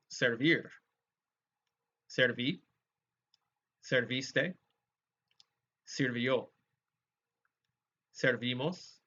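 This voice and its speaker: A man teaching a Spanish grammar lesson, explaining verb forms clearly and modeling each conjugation aloud for students to repeat. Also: medium pitch, sharp tone. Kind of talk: recorded lecture with choral drills. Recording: dull lo-fi lecture recording.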